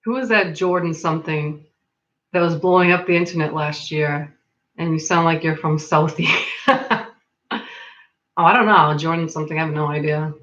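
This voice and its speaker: A woman's voice: deep voice, normal speed, long pauses, a bit bright, highs cut off. A woman from Massachusetts with a local accent between Boston and Rhode Island, chatting casually on a livestream, reading comments, laughing often and filling her talk with "like". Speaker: livestream host.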